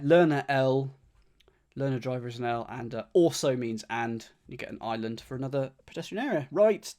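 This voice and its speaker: Gravelly man musing over crossword clues. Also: mid-range voice, dark tone. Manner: muses half to himself, repeats clues under his breath, thanks chat by name. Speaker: streamer solving a crossword. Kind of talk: casual thinking aloud while solving.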